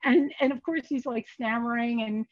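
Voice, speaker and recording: Here a guest economist, an older woman, chats casually on a podcast, recounting anecdotes and lively voicing the quoted dialogue herself. Her pitch is a little high and her pace normal, with no room sound in a muffled, lo-fi recording.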